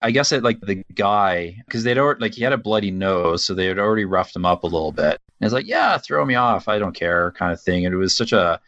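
A man's voice: deep voice, fast talker, hardly any pauses, fairly bright tone, dry recording, highs cut off. A man co-hosting a casual movie podcast, hesitant and searching for his words. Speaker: podcast co-host.

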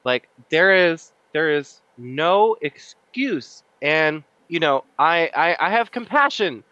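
A podcast guest ranting bluntly and profanely in casual chat. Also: male voice, fairly high pitch, lively intonation, takes it slowly, sharp tone, smooth, no echo, highs cut off.

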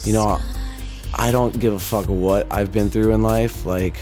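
A male podcast host speaks slowly and haltingly, choking up and swearing as he thanks his listeners. His voice sits a little low. Music plays clearly beneath him. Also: fairly even intonation. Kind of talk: emotional farewell message to listeners. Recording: music playing clearly underneath.

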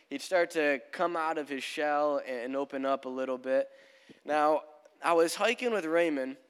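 A young male pastor preaches a sermon in a church sanctuary, telling stories in a casual manner. His voice is on the high side, slightly bright and clean, with long church hall reverb around it.

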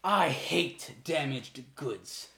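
A man's voice: medium pitch, measured pace, background noise, close to an everyday voice. A man voicing a cruel, fussy old male lord who collects treasures, heard in a roomy space. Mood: displeased. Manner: fussy and cold. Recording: roomy echo.

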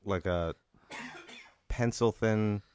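Low-voiced man spinning a rambling tale. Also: extremely slow, a little mellow, a little hiss or hum. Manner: rambling, leans on "like" while building the scene. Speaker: podcast co-host posing a hypothetical. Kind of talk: improvised comedic storytelling.

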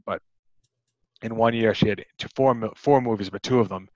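A man's voice: fairly low pitch, brisk, darkish tone, dry recording, highs cut off. A man co-hosting a podcast, chatting casually about a movie, rambling with many restarts and fillers. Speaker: podcast co-host.

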